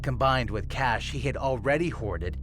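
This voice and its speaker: A man from Canada, a news anchor, reading measured, grave documentary narration. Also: medium pitch. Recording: voice-over with music bed.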